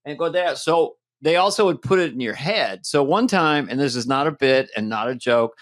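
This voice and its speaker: A man's voice: medium pitch, expressive, fairly quick, a bit bright, no echo, studio quality. A man in his sixties, co-hosting a podcast in playful casual chat, often slipping into silly voices. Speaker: podcast co-host.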